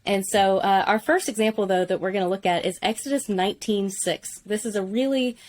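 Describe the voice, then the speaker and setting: A woman teaching Biblical Hebrew in a relaxed conversational way, enthusiastic and explanatory, often saying "like". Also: medium pitch, brisk.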